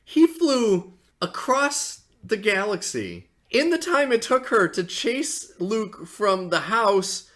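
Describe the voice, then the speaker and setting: Blunt man with a lively, high voice. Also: slow. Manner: blunt, dismissive, agreeing with short grumbled remarks. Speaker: podcast co-host. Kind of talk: casual chat.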